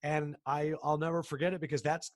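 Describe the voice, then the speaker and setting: A sports broadcaster in his thirties, telling stories in a casual interview, animated and acting out the people he quotes. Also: a little high, brisk, no echo, studio quality. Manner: animated, acts out quoted people, frequent restarts.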